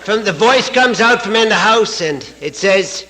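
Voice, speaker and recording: A man's voice: high voice, lively intonation, moderate pace, pushed and bright, poor audio. A man from Canada giving a folksy, joke-filled talk at a recovery retreat, chuckling at his own stories. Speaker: AA speaker. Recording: archival live talk recording.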